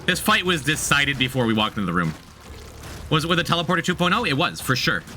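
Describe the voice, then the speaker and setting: Lively, bright-voiced male game streamer. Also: on the high side, fast talker, a little hiss or hum. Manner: chatty, thinks aloud, repeats himself, talks to chat. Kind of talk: casual gameplay commentary.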